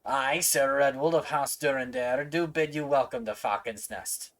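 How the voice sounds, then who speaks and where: A man putting on a booming stately knight. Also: a bit bright, lightly acted, rough recording. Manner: formal, slow and booming. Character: loud, stately male knight commander. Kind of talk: reading game dialogue aloud with voices.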